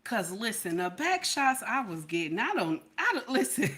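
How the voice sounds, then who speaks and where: A middle-aged woman hosting a casual livestream chat, with a fairly high, bright and sharp voice. She talks to her viewers in an animated, playful way, laughs often and keeps checking in with "okay?". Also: measured pace. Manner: animated and playful, repeating herself with frequent "okay?". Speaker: livestream host.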